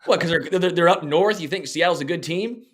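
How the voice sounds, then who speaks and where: A man co-hosting a casual sports podcast, blunt and opinionated, quick to dismiss teams he doesn't trust. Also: fairly high pitch. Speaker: podcast co-host.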